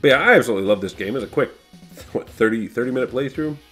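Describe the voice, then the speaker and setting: A man's voice: mid-range voice, racing, fairly bright tone, soft background music. A man giving loose, rambling commentary while playing an old arcade game, swearing casually and joking about himself. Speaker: YouTube host playing a game.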